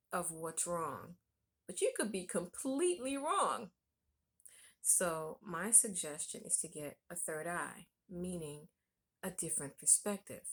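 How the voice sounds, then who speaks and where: Low gravelly woman vlogger. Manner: conversational, relaxed storytelling. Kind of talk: storytelling vlog.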